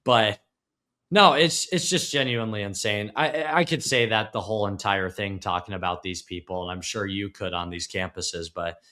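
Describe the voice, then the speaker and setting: A male podcast host with a low but bright, forceful voice. He chats casually and drops joking, sarcastic asides. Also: normal speed. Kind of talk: casual interview banter.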